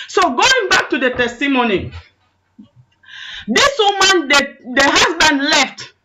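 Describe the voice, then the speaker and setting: A woman evangelist preaches a sermon, sharing a testimony with acted-out quotes and impassioned, repetitive calls in prayer. Her medium-pitched voice is pushed and bright, heard through muffled, lo-fi online call audio.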